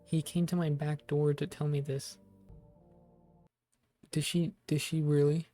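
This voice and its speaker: A gameplay streamer giving casual commentary, reacting out loud and swearing as they play. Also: medium pitch, flat delivery, unhurried, no room sound. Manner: swears casually and reacts out loud, reads the game text aloud. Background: faint game music.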